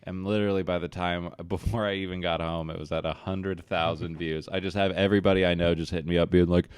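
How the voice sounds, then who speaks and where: A man's voice: sits low, level tone, fast, smooth, dry recording. A young man hosting a podcast, telling a profane, self-mocking story in casual chat. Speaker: podcast host.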